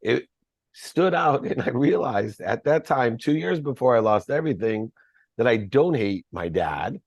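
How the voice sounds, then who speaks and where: A man's voice: medium pitch, animated, unhurried, a little mellow, no room sound, muffled recording. A man, a podcast guest, telling a personal story in an earnest, reflective way.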